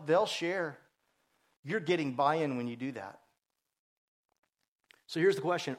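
A male pastor delivers a sermon with a slightly raised pitch. He moves between lively storytelling and quieter, earnest points, and his voice rises and drops as he makes them. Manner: lively storytelling with jokes, voice rising and dropping.

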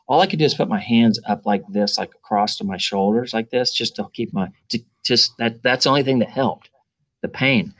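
A middle-aged man appears as a podcast guest, telling a story in a relaxed, animated style and acting out the quoted dialogue. His voice is mid-range and a little quick, with no echo in the recording.

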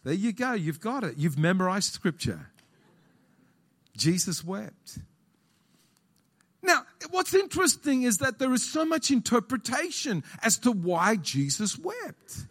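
Animated preaching man, lively pitch. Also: measured pace. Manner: animated preaching, repeating key phrases, questioning the congregation. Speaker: pastor. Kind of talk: sermon. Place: auditorium.

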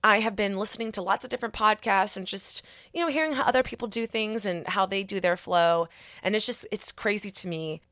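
A woman talking on her own podcast in loose, rambling chat, full of candid asides and sincere encouragement. Her pitch sits mid-range for a woman, and the close, dry sound has no room echo. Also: brisk, fairly bright tone. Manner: earnest and encouraging. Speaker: podcast host. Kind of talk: casual solo podcast chat.

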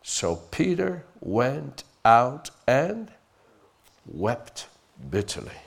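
A male pastor preaching a sermon, swinging dramatically between loud exhortation and hushed lines, and calling for responses from the congregation. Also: mid-range voice, very animated, extremely slow, gravelly.

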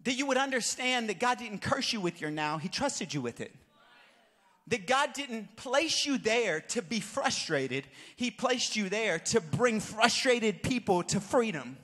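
A young adult man, a pastor, preaching with animated, jokey storytelling that builds to shouted exhortation. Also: high voice, a little slow. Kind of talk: sermon with storytelling. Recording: long reverb of a large hall.

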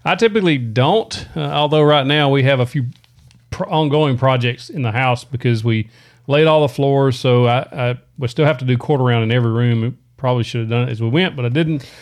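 A man's voice: mid-range voice, brisk. Easygoing man answering viewer questions. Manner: easygoing, laughs, reads out comments and gives practical advice. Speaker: co-host of a live stream.

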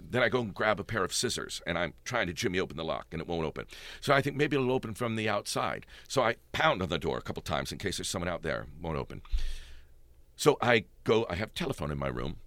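Middle-aged man, very deep and bright, animated raconteur. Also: no room sound. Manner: animated storyteller, laughing often. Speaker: stage actor telling anecdotes. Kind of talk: casual storytelling chat.

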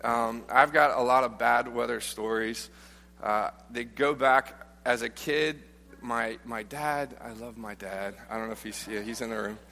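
Male preacher, bright tense voice, joking storyteller style, long church-hall reverb. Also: medium pitch, fairly even intonation, measured pace, vocal fry. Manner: humorous, informal, frequent restarts. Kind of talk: conversational sermon with storytelling. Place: church auditorium.

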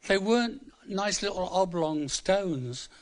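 A high-pitched English preacher, seventy-five and so in his 70s, gives a slow, humorous, conversational sermon in church. His intonation is lively, and he repeats words for emphasis.

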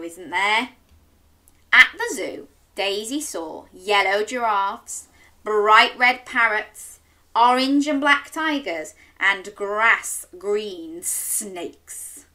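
Children's storyteller, woman; slow, animated, bright sing-song read-aloud. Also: medium pitch. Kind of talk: interactive story reading for children.

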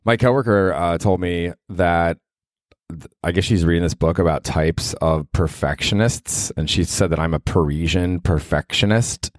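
A man's voice: sits low, moderate pace, no room sound, clean studio sound. A man from Cleveland, Ohio, hosting his own solo podcast in a rambling, self-deprecating way, swearing casually. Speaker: podcast host.

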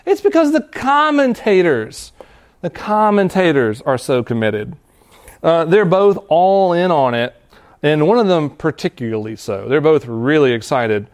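A man's voice: fairly high pitch, sing-song. Earnest man preaching to students. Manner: earnest, conversational preaching with restarts and quick laughs. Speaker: pastor. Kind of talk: sermon.

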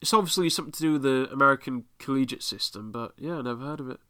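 A British man with an excitable, sweary manner, giving casual commentary while watching an episode. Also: medium pitch, racing, clean tone. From Britain. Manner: excitable, swears freely, reacts aloud. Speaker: podcast host.

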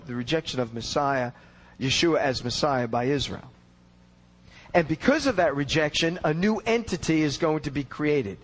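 A man's voice: mid-range voice, poor audio. A man giving an expository Bible teaching in an earnest, explanatory way, leaning on key words for emphasis.

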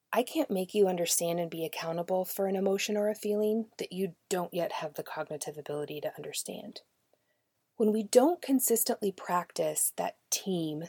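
A woman podcast host with a low, warm, husky voice, talking straight to her listeners about children and feelings. She is conversational and direct, and often sinks to a near-whisper. The sound is dry and close. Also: no echo. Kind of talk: podcast talk to parents and educators.

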